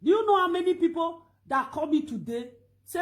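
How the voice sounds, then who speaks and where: A middle-aged woman with a Nigerian Pidgin accent, ranting loudly and emphatically to her online followers in a scolding, repetitive way. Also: very high-pitched, expressive, fast. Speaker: Facebook live video blogger. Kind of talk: animated ranting monologue.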